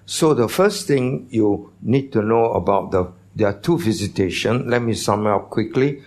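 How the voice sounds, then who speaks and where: A pastor preaching a sermon in a church, teaching in a conversational way and putting questions to the congregation. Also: male voice, fairly low pitch, lively intonation, moderate pace, a little mellow.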